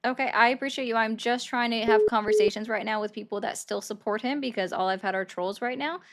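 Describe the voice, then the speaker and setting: A woman's voice: a little high, quick pace. A woman hosting a live call-in stream about politics, talking to callers in a sarcastic, mock-innocent way. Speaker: stream host.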